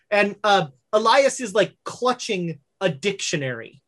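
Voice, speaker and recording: A woman's voice: medium pitch, big pitch swings, unhurried, fairly bright tone. A woman narrating as game master of a tabletop game, rambling with fillers and corrections.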